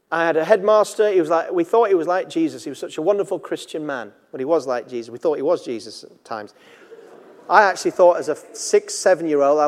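A man's voice: a little high, darkish tone. A man preaching a sermon in an earnest, conversational way, weaving in personal stories. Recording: long reverb in a large hall.

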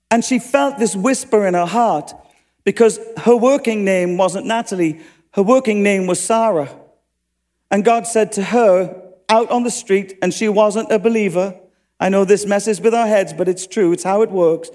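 A man preaching from the pulpit, telling personal stories with earnest conviction. His voice sits noticeably high for a man. The sound carries a long reverb, as in a large hall. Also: normal speed, a little mellow. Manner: earnest, story-telling with quoted dialogue. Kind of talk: sermon storytelling.

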